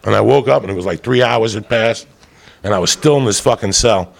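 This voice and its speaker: Gravelly brash stand-up comedian, a man. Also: fairly low pitch, brisk. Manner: loud, brash and rambunctious, swearing constantly. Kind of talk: profane stand-up storytelling.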